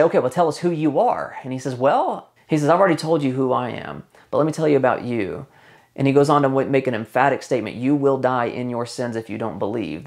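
A man delivering a sermon in a conversational, teaching manner. His voice sits at an ordinary middle pitch. He often slows down to stress a point and repeats key phrases for weight. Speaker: pastor.

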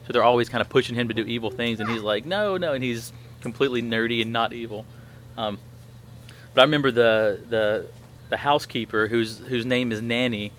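A man's voice: medium pitch, flat delivery, fairly quick, fairly bright tone, slight background noise. A man in his thirties hosting a podcast, telling a story in a rambling way with many fillers and restarts. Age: 30s. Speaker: podcast host. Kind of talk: casual chat.

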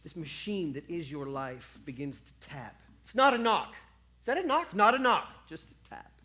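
Male preacher, theatrical sermon delivery, sharp loud-to-quiet swings, repeats phrases and plays out short dialogues. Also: on the high side, lively intonation, moderate pace. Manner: dramatic, swings between loud outbursts and hushed lines; acts out little dialogues and repeats phrases for effect.

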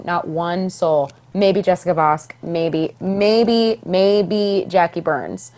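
A young woman, a stage actress, chatting as a podcast guest, telling her story with lively acted-out quotes. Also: lowish voice, slow pace, few pauses. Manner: animated, acts out quoted voices. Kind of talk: casual interview storytelling.

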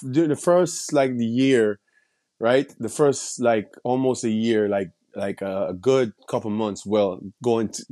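A man's voice: medium pitch, a little mellow. A man telling a personal story in casual street slang, rambling, with many restarts and repeated phrases. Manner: heavy street slang and swearing.

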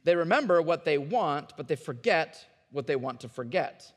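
A man's voice: on the high side, expressive, normal speed, big-room sound. A man preaching a sermon as a pastor, talking to the congregation in an earnest, conversational way and often repeating his words.

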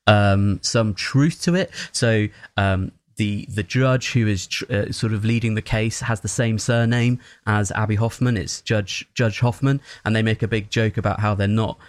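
A man who is not American, giving an animated, opinionated film review in casual chat, with many fillers and restarts. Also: on the low side, moderate pace, hardly any pauses, dry recording, clean studio sound.

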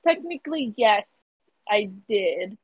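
Young woman, podcast co-host, husky and fairly high, giggly and halting, dull lo-fi mic. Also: expressive, no echo. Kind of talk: casual chat.

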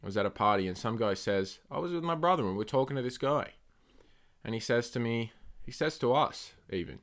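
A man hosting his own solo podcast, rambling and swearing through rants that flare up loud and high when he gets angry. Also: expressive, a little fast. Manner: rambling, profane, ranting. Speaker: podcast host.

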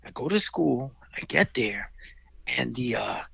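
Middle aged guy telling a story, acts out all the voices, raspy gravelly voice, kinda muffled dry sound. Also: mid-range voice, unhurried, dry recording. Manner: animated, acts out voices in his stories. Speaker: guest storyteller. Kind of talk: casual storytelling in conversation.

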